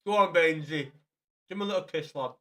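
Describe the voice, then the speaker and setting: A man's voice: fairly high pitch, a little fast, a bit bright. A man chatting casually to viewers on a live game stream, swearing freely and calling everyone lad.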